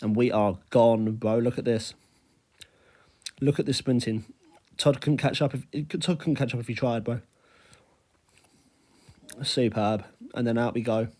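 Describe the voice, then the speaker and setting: A young man recapping a video game he played, talking fast and excitedly and saying "bro" a lot. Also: mid-range voice. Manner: animated, says "bro" constantly. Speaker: gaming YouTuber.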